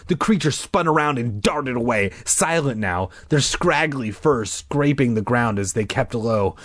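Recorded dry in a clean studio, a man dramatically reads a kids' horror story out loud. He gives the characters shrieking, high-pitched voices and drops in offhand asides along the way.

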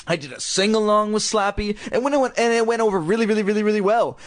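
Man putting on a high, bragging storybook girl, gushing. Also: lively intonation, brisk, darkish tone, no room sound, clean studio sound. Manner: gushing, boastful, breathless. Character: excitable bragging young girl.

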